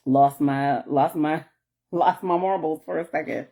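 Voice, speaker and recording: A woman speaks in a mellow, slightly low voice, telling a personal story to camera. She rambles, restarts her sentences and apologizes often. At moments she sounds close to tears. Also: measured pace. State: tearful at moments. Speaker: vlogger. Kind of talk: reflective personal vlog.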